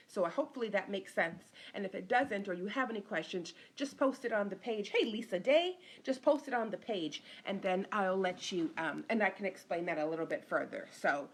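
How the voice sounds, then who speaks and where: A middle-aged interior designer with a medium-pitched voice teaches a casual live-stream lesson, chatting along and greeting viewers by name.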